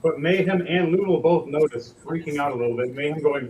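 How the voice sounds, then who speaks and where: A man's voice: a little high, brisk, darkish tone, distant mic, slight background noise, low-quality recording. A man running a tabletop game as game master, narrating theatrically.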